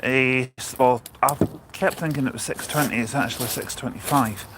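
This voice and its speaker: A man's voice: mid-range voice, fairly even intonation, moderate pace, background noise. A Scottish man hosting a casual outdoor livestream, chatting, joking and reading viewer comments aloud. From Scotland. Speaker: livestream host. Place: outdoors at a railway station in the rain.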